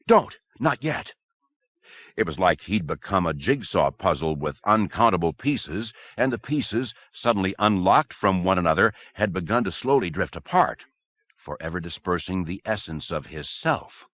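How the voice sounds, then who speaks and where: A man narrating a novel in a measured, expressive reading. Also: low-pitched, no echo. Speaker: audiobook narrator. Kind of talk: scripted narration.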